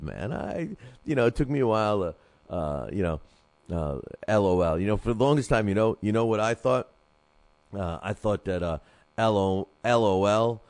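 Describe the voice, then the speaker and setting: A man's voice: on the low side, a little mellow, dry recording. A man hosting a boxing talk show, rambling casually with lots of fillers and restarts.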